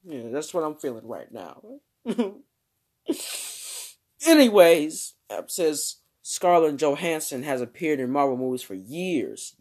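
Male vlogger, casual movie commentary, animated swinging pitch, rambling and jokey. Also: measured pace. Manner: rambling, joking asides to himself.

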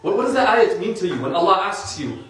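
A man's voice: high-pitched, big pitch swings, fast talker, fairly bright tone, a little hiss or hum. A man giving an informal religious talk in a conversational way, with lots of casual fillers. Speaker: religious speaker. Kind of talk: informal sermon. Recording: echoey room from a distant mic.

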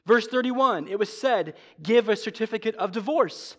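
A man preaching a sermon as pastor, emphatic, swinging from loud stresses to low asides and slowing sharply on repeated refrains. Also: expressive.

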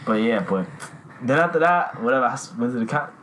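A man's voice: medium pitch, lively intonation, quick pace, fairly bright tone, slight background noise. A young man chatting casually with a friend, slangy and laid-back, laughing often. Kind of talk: casual chat.

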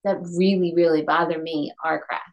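A woman's voice: low voice, steady tone, moderate pace, muffled recording. A woman co-hosting a podcast in casual chat, talking in a meandering way, full of fillers. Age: adult. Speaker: podcast co-host.

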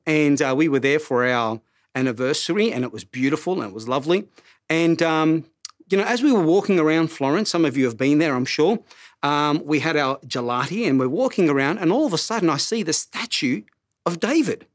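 A middle-aged male pastor with a notably high voice, preaching in an animated, self-mocking way. He stumbles and repeats words as he goes. The sound is close and dry. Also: brisk, no room sound. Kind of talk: sermon.

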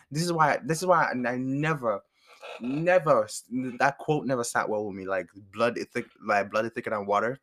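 Animated, foul-mouthed man telling a story. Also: mid-range voice. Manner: animated, profane, laughs often. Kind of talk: casual storytime chat.

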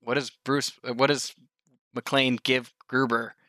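Man, podcast co-host, eager interjections, bright forceful tone, dry close sound. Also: medium pitch, level tone, dry recording. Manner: quick, eager interjections and quiz-like questions. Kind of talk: casual film discussion.

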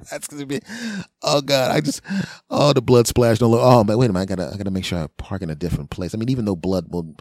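A man's voice: lowish voice, quick pace, no echo, clean studio sound. Rambling man telling a comic story. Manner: rambling, animated, acts out voices. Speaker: comedian podcast host.

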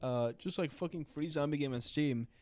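A young man in casual, profane conversation, telling stories and speculating with animated energy. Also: a little high, normal speed, no room sound. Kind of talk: casual chat.

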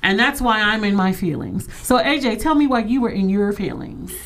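A woman's voice: medium pitch, normal speed. A woman hosting a radio show, chatting casually and telling stories with frequent laughter. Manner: lively, laughs often, expressive storyteller.

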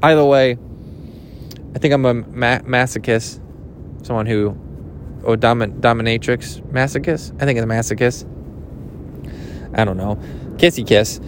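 A young man rambling jokily in a casual vlog, swearing now and then, his pitch jumping up when he gets excited. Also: moderate pace, long pauses, slight background noise. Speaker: vlogger. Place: outdoors at a beach.

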